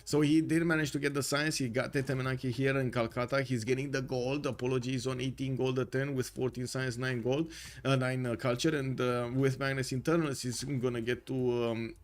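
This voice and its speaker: A man giving play-by-play commentary on a strategy game match, excitable and full of filler pauses. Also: medium pitch. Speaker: esports caster.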